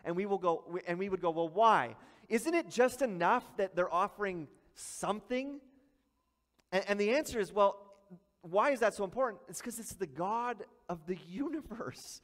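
A man's voice: high voice, fairly bright tone, in a large hall. A male pastor preaching a sermon in a conversational way, acting out short asides.

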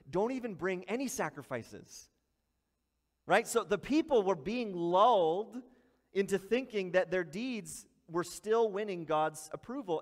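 A man's voice: fairly high pitch, fairly bright tone, in a large hall. A male pastor preaching a sermon in a conversational way, acting out short asides.

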